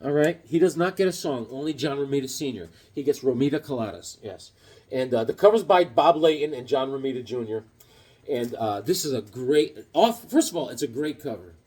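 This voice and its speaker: Animated, husky-voiced man telling stories. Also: mid-range voice, brisk. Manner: animated storyteller, acts out voices. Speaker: comic book vlogger. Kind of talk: casual show-and-tell chat.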